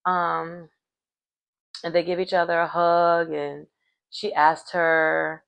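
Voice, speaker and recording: A woman casually retelling a reality show in a chatty, animated way, full of fillers. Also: on the low side, slow pace, gravelly, clear, resonant tone. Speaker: reality show recap commentator.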